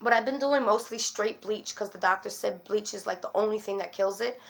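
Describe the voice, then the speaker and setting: Gravelly-voiced woman vlogging. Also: mid-range voice, brisk, a bit bright. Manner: rambling, with many fillers and restarts; worried and frustrated. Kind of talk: casual to-camera chat.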